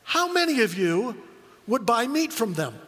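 A middle-aged man preaching a sermon as a pastor, telling stories with animated quoted voices. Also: very high voice, unhurried, long reverb tail.

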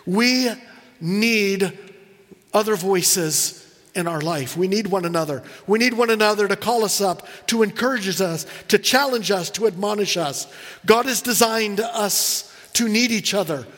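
A middle-aged man preaching a sermon, telling personal stories earnestly and slowing down for emphasis. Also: high voice, fairly bright tone, in a large hall. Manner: earnest storytelling, slows for emphasis. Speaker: pastor.

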